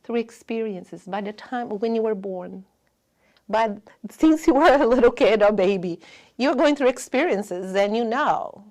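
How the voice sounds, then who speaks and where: A woman giving a spiritual lecture in earnest, non-native English, often dropping to a hush. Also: on the high side, lively intonation, unhurried.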